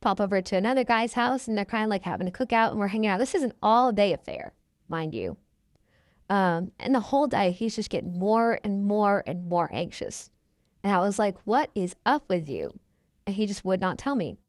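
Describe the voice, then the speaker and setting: A woman's voice: medium pitch, animated, a little fast, no room sound, clean studio sound. A woman in her twenties, a podcast guest telling her story in a casual, chatty way and acting out the people she quotes. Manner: chatty, quotes people in their own voices.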